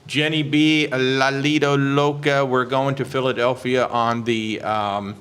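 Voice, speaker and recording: With a medium-pitched, clear and resonant voice, a man runs a live cruise question-and-answer stream as a travel agent. He chats excitedly, welcomes viewers by name and leans on lots of "uh"s in the pauses, keeping it casual.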